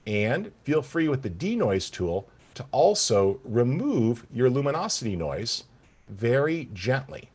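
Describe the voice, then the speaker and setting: Lively, husky-voiced man demonstrating software. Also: medium pitch, a little slow. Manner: enthusiastic, addresses viewers directly with "guys" and "right?". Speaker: software presenter.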